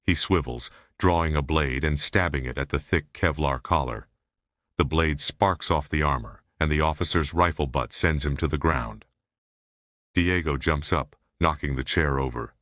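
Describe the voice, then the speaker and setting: A man reading an audiobook aloud in a steady, measured narration. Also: a bass voice, dry recording. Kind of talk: scripted narration.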